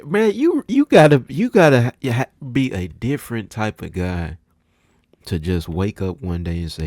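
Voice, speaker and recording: A man's voice: on the low side, sing-song, normal speed, darkish tone, no room sound, clean studio sound. A young man co-hosting a reaction video, joking in laid-back slang and laughing often. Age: young adult. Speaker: co-host. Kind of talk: casual reaction chat.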